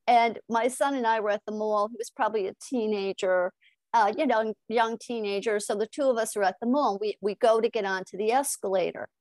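A middle-aged woman from Connecticut, a hypnotist guest on a podcast interview, telling animated stories, laughing often and repeating phrases for emphasis. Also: medium pitch, brisk, no echo.

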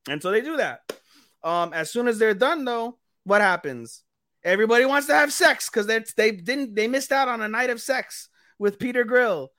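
A man with a high voice tells an anime plot in a loose, swearing, animated ramble. He acts out the quotes as he goes, on a close, dry mic. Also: moderate pace, dry recording. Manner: profane, rambling, animated recapping with put-on quotes. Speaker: podcast co-host. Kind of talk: casual chat, anime recap.

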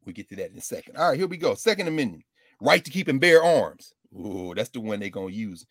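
A man giving an animated lecture with comic asides, jokey and quick to slip into mock voices. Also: medium pitch, no room sound, clean studio sound.

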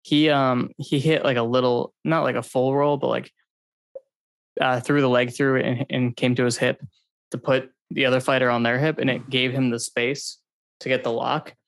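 A man's voice: medium pitch, little pitch movement, moderate pace, gravelly, no echo. A man co-hosting a podcast, breaking down fights in a loose, rambling way full of ums and likes. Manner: rambling, hedging, filler-heavy analysis. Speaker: podcast co-host. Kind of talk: casual podcast chat.

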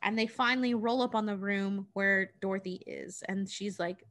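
A woman chats her way through a story recap, loose and profane. Her voice is bright and crisp. She pads her sentences with casual fillers. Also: medium pitch, steady tone, moderate pace, hardly any pauses. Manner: chatty, profane, filler-heavy.

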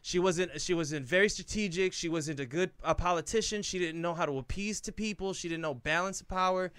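Laid-back podcast co-host, man, bright, smooth tone, dry close mic. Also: high-pitched, fairly quick, no room sound. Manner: laid-back, profane, laughs often. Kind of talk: casual chat.

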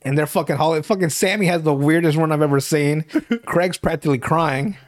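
A man's voice: fairly high pitch, a little fast. A young man hosting a podcast, recapping a TV show in casual, profane, rambling chat and laughing often. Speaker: podcast host.

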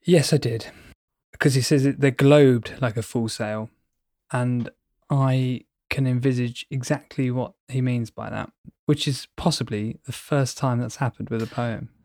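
A man's voice: medium pitch, fairly even intonation, measured pace, a little mellow, no echo, studio quality. Playful, rambling man in casual chat. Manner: playful, rambling, vivid storytelling. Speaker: podcast co-host.

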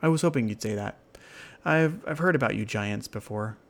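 A man's voice: on the low side, animated, moderate pace, gravelly, voice pushed down. A man voicing a cocky young runaway boy in a storybook tale, who talks in a breezy, slightly boastful way. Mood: eager.

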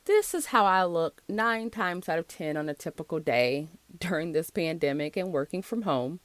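A woman's voice: on the low side, lively intonation, moderate pace, no room sound. A woman in her thirties or forties hosting her own solo podcast, talking in a chatty, encouraging way. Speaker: podcast host.

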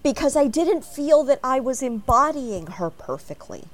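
An expressive American woman from Chicago speaks on a fan panel. Her voice sits a little high, and she tells her stories with plenty of animation to a live audience. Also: moderate pace.

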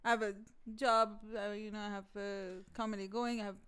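A woman's voice: mid-range voice, little pitch movement, fairly quick, a bit bright, clear, resonant tone. A woman hosting a comedy podcast in casual chat, blunt, swearing and laughing easily. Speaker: podcast host.

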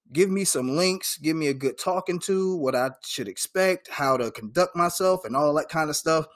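Male host from Georgia, mid-pitched, friendly and chatty. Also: fairly bright tone. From Georgia, USA. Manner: friendly, says "man" often, hype-style introductions. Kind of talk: casual interview talk.

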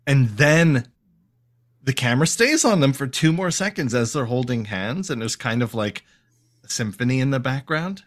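Animated man recapping a cartoon. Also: mid-range voice, normal speed. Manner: animated, jokey, acts out lines in silly voices. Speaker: podcast co-host. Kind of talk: casual comedic episode recap.

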